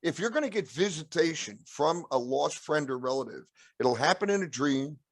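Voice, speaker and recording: Male guest, rambling storyteller, throat-clearing, dry close mic. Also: expressive, normal speed, no echo. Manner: rambling, acts out quotes with raised pitch. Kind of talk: casual storytelling.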